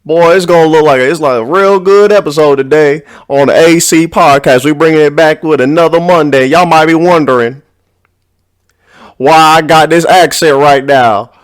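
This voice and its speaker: Brief: host doing a put-on cowboy, hammy drawl, slow and stretched, pitched up a touch. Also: male voice, sing-song, dark tone, no echo. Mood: gloating drawl. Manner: exaggerated yokel drawl, drawn-out words. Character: hammy mock cowboy drawling man, gloating. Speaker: podcast host. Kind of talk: sports talk podcast.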